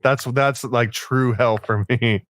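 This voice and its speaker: A man's voice: medium pitch, steady tone, slow, background noise. A man playing a game and chatting casually over a voice call, laid-back and joking, calling his friend dude and man. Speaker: guest player in a gaming video. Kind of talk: casual gameplay chat.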